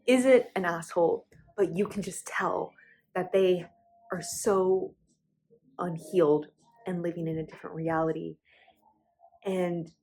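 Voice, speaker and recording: A woman's voice: on the low side, a little mellow, slight background noise. A young woman speaking candidly to her channel in a personal confessional vlog, emotional and close to tears, with frequent restarts and fillers. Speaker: vlogger.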